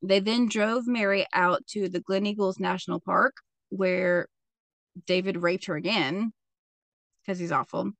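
A woman's voice: mid-range voice, fairly even intonation, a little slow, vocal fry, fairly bright tone, no echo. A woman co-hosting a podcast, telling a true crime story in casual chat with sarcastic, laughing asides.

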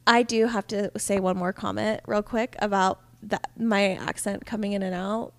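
A woman's voice: medium pitch, steady tone, normal speed, no room sound. A young woman from Utah co-hosting a podcast, chatting casually and rambling with lots of "like" fillers. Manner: rambling, heavy use of "like" fillers. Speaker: podcast co-host. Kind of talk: casual chat.

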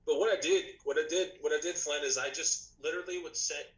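A man chatting as a podcast guest, telling a long story in a loose, rambling way. He restarts sentences often and leans on fillers. His voice is a little rough today. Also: a little high, fairly even intonation, a little fast, low-quality recording. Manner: rambling, many restarts and "you know". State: slightly rough voice, clearing throat. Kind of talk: casual storytelling chat.

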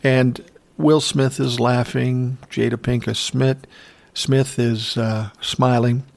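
A man casually retelling an event in unhurried, profane commentary, chuckling now and then. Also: mid-range voice, flat delivery, vocal fry.

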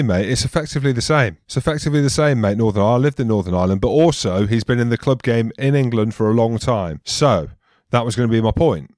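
A man's voice: fairly low pitch, darkish tone, no room sound, studio quality. A man in his thirties co-hosting a rugby podcast, chatty and jokey, laughing easily. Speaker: podcast co-host. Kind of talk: casual chat.

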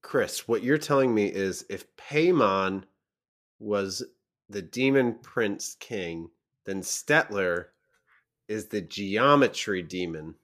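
A man's voice: lowish voice, expressive, slow pace, a bit bright. A man co-hosting a podcast, playfully reading out facts he looked up during casual chat. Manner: reads out lookups, playful. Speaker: podcast co-host.

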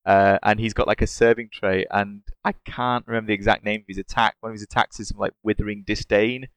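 Male podcast co-host, low and gravelly, enthusiastic. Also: fairly even intonation, fast, a bit bright, no room sound. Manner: enthusiastic, laughing often. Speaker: podcast co-host discussing games. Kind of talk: casual chat.

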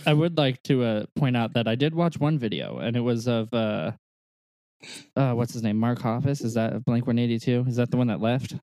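A man's voice: medium pitch, normal speed, a little mellow, dry recording. A man co-hosting a podcast in casual chat, joking and swearing offhandedly. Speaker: podcast co-host.

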